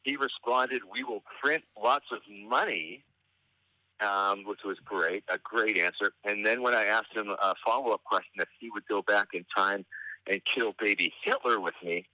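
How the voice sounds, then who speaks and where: A middle-aged man tells stories in a loose, halting ramble, full of dry, wry asides. His voice sits fairly low but rings very bright and forceful. The sound is dry, with no room in it. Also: no room sound, rough recording. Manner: meandering, halting delivery with frequent hesitations. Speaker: interview guest. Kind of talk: casual anecdotal storytelling.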